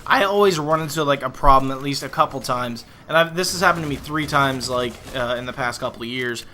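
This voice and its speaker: A man's voice: medium pitch, fairly quick, pushed and bright, a little hiss or hum. A man, a voice actor, talking casually in a vlog commentary, rambling with lots of fillers and frank complaints.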